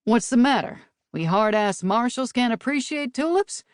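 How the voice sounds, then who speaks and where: A woman's voice: a little high, lively intonation, normal speed, smooth, no echo, studio quality, voice pushed up, close to an everyday voice. Woman doing an easygoing Southern marshal, Rob. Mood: teasing. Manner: easygoing, teasing. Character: amiable Southern male US marshal.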